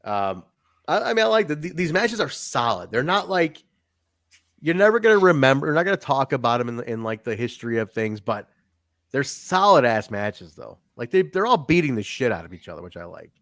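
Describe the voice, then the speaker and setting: On a dry, studio-quality recording, a podcast host with a medium-pitched, fairly bright voice talks fairly quickly and very animatedly. His casual review chat is laid-back and jokey, full of swearing.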